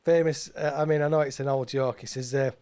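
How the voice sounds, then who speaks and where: A man's voice: mid-range voice, fairly even intonation, a little fast, mellow, clear, resonant tone, soft background music. A man presenting local radio, chatting casually and rambling, often repeating and restarting his words.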